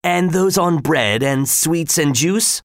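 A man's voice: on the high side, expressive, dry recording, clean studio sound, pitched above the performer's own voice. A man voicing a smug, menacing governor who drags out his words condescendingly. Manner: slow, drawn-out, condescending delivery. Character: smug, menacing male governor, slow and silky.

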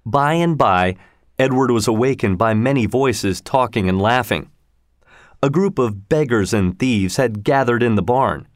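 Slow, expressive male storyteller. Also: medium pitch, dry recording, clean studio sound. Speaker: narrator. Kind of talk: storybook narration read aloud.

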